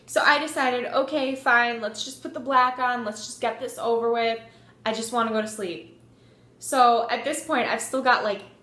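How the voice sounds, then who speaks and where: A young woman telling a story in a casual vlog, animated, swearing freely and saying "like" a lot. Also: on the high side, echoey room. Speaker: vlogger.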